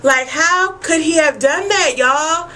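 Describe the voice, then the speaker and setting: A woman with a high, bright voice recapping a TV episode for her vlog audience. She is animated and emphatic, swears freely and keeps calling out to the viewers. Her tone stays sharp and forward. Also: takes it slowly, poor audio. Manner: animated, profane and emphatic, addressing viewers as y'all. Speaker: TV episode reviewer.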